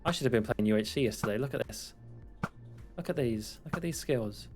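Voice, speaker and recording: A man's voice: medium pitch, animated, a little fast, music in the background. A young English man streaming while he plays, chatting casually in a rambling, self-mocking way with frequent laughs. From England. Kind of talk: casual chat while gaming.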